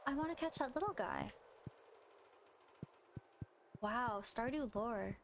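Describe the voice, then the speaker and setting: A young woman streaming games, chatting casually with her viewers, excitable and quick to swear, gasp and shriek. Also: a little high, vocal fry, slight background noise. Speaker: game streamer. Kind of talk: casual live-stream chat. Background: faint game music.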